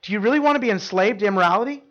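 A man's voice: high-pitched, racing, a bit bright, muffled recording. A middle-aged man preaching a sermon in a conversational way, often repeating words and asking the room questions. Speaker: pastor.

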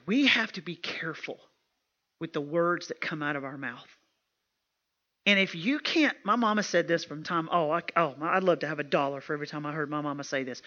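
A woman's voice: sits low, lively intonation, brisk, a bit bright, dull audio. A woman speaking at a women's retreat, preaching emphatically and often repeating herself in a plain, homespun way. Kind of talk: sermon.

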